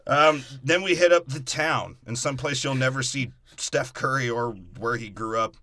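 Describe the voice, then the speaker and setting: A man's voice: medium pitch, normal speed, pushed and bright. A man co-hosting a podcast, joking crudely and profanely through a movie breakdown, often slipping into mocking voices. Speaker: podcast co-host.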